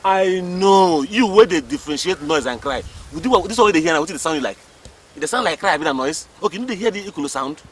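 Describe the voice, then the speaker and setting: An actor with a Nigerian accent playing a young laborer who feels drained, talking in a halting, pleading way with pidgin. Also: male voice, on the high side, animated, distant mic, noisy background, close to an everyday voice. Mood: weary. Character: young laborer, weak and dispirited at work. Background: loud music.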